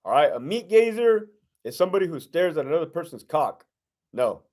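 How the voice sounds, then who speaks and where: A man's voice: a little high, sing-song, fairly quick, a little mellow. A middle-aged man, a former prison lieutenant, hosting a casual live-stream Q&A, talking bluntly with heavy profanity and streetwise slang. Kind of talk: casual live-stream Q&A reading viewer questions.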